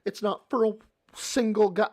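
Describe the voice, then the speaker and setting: Midwestern male streamer, sarcastic and fed-up, swears a lot, voice sits a bit high. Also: fairly even intonation, normal speed, a little mellow, no echo, studio quality. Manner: exasperated, sarcastic and profane. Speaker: streamer reacting to a podcast clip. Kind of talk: live-stream reaction commentary.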